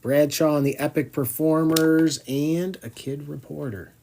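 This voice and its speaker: Male card break host, chatty and slow, names every card, groans at misses. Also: a little high, steady tone, creaky, a little mellow, a little hiss or hum. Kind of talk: live card break commentary.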